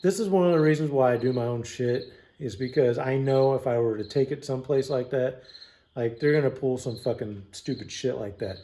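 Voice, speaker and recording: A man's voice: medium pitch, brisk, warm tone. Brief: man, casual DIY mechanic vlogger, salty mouth, dry sarcasm, recorded in a home garage.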